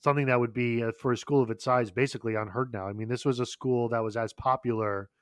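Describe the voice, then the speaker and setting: A man's voice: medium pitch, fairly even intonation, quick pace, no room sound, studio quality. A man co-hosting a podcast in casual chat, talking in long rambling runs with frequent fillers, restarts and swearing. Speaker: podcast co-host.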